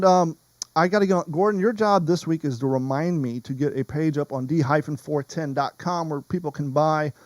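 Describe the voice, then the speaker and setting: A man's voice: on the high side, a little mellow, clear, resonant tone, no room sound. A man hosting a podcast in casual chat, rambling and wandering off topic. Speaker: podcast host.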